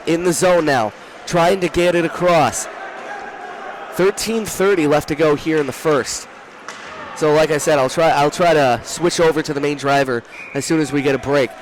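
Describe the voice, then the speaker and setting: A young man calling a hockey game from a rink booth, talking fast, shouting during rushes and often correcting himself. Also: fairly high pitch, slight background noise. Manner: rapid, rising to shouts during rushes, with frequent self-corrections. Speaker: play-by-play commentator. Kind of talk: live hockey play-by-play commentary. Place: broadcast booth at an ice rink.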